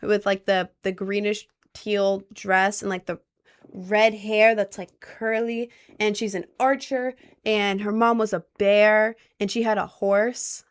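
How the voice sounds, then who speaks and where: A woman's voice: medium pitch, little pitch movement, slow, clear, resonant tone. A young woman from Maryland chatting casually on a livestream, answering viewer questions with playful, dry sarcasm. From Maryland, USA. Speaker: streamer reading chat.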